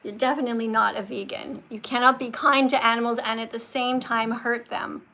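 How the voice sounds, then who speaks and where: Emphatic lecturing woman with a gravelly voice. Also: fairly high pitch, steady tone, brisk, bright, forceful tone. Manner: emphatic, lecturing, corrects pronunciation. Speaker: livestream host talking with callers. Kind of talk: live-stream call-in chat.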